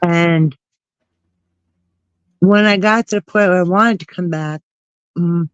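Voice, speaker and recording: Slow-talking woman with a stuffy cold on a phone call, laughs a lot, dry muffled audio. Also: lowish voice, clear, resonant tone, no room sound. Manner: chatty, laughs often. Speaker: guest caller. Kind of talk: casual chat.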